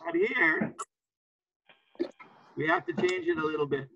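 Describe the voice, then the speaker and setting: A man's voice: fairly high pitch, big pitch swings, unhurried, creaky, dull audio, background noise. A man teaching an English class to students, patiently repeating example phrases and often checking understanding with "right?".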